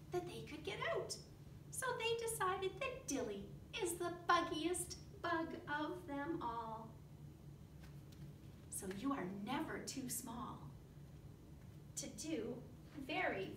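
A woman preschool teacher reading a picture book aloud to children in a classroom, with a slow, expressive, sing-song delivery. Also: a little high, noisy background. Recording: echoey classroom from far off.

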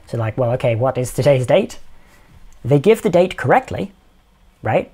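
A man talks casually as a podcast host, explaining in an animated way. He slips into quotes with a dry, amused edge. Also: medium pitch, moderate pace, slightly rough.

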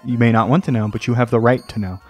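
A man hosting a let's play, rambling and joking at himself, often jumping into a high sing-song voice. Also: fairly even intonation, quick pace, darkish tone, faint music behind. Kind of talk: casual gameplay commentary. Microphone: desk microphone.

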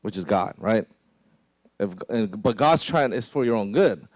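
A pastor preaching a sermon in a conversational way, often asking "right?" and dropping into a lower voice to act out quotes. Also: male voice, lively intonation, measured pace, darkish tone, no room sound. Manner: conversational, many "right?" asides and restarts.

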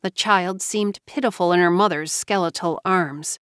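A woman narrating a novel as an audiobook in a measured storytelling manner. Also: on the low side, fairly bright tone, dry recording, clean studio sound.

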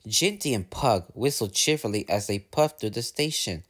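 A man's voice: on the low side, normal speed. A man reading a railway storybook aloud, doing voices for the characters. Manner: lively, puts on voices for characters. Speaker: narrator.

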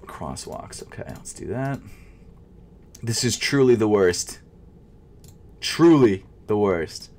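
A man's voice: lowish voice, expressive, takes it slowly, long pauses. Frustrated young man muttering at a checkout. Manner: frustrated, muttering to himself, swings between loud outbursts and quiet mumbling; nervous, stuttering. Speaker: sneaker vlogger. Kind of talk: casual live commentary while shopping online.

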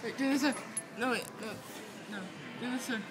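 Giggly high-voiced girl filming at airport. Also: fairly even intonation, a little fast. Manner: giggly teasing, frequent laughter. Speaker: home video maker. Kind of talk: casual family home video. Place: busy airport terminal. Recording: noisy airport background.

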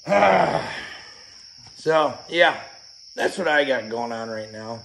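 A man hosting his own channel, venting outdoors in an angry, profane, shouting rant, his voice hoarse from yelling. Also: medium pitch, expressive, takes it slowly, long pauses, noisy background. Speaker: channel host.

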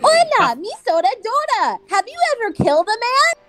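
This is a sugary little explorer girl, put on by a woman who chirps about the lives she has ended as if she were showing off a craft project. The pitch sits way up high and swoops wildly, all sing-song brightness. A voice-chat parody sketch. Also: very animated, normal speed, loud music behind the voice. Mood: gleeful menace. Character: cheerfully murderous young girl explorer parody. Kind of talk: voice chat comedy bit.

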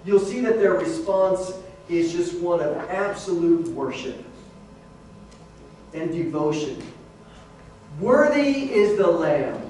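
A man's voice: high voice, a little mellow, slight background noise. A man preaching a sermon as pastor, in a conversational way that keeps calling the listeners "guys". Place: large church sanctuary. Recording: very echoey hall, voice from far off.

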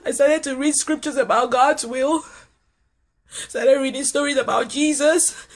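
High-voiced woman preaching earnestly online. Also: fairly even intonation, unhurried. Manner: earnest, personal, repeats lines for emphasis. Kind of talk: livestreamed sermon to online viewers.

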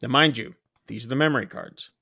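A man's voice: mid-range voice, fast, vocal fry, bright, forceful tone, husky, dry recording. A man co-hosting a horror film podcast, recapping a movie in casual chat and acting out screams and quoted lines. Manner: rambling, acts out screams and quotes. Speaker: podcast co-host.

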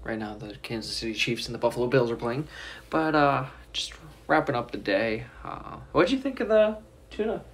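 A man's voice: medium pitch, brisk. A young man talking casually and teasingly in a rambling home vlog from student housing. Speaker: vlogger.

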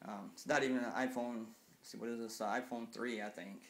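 Here a cyclist vlogger in his late fifties rants angrily and repetitively into a phone camera, cursing freely. His medium-pitched voice is steady and fairly bright, and he talks briskly.

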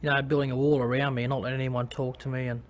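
An Australian man talking about his own life in a personal testimony. He speaks in a halting way, with many restarts and fillers. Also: mid-range voice, little pitch movement. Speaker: former rugby league player.

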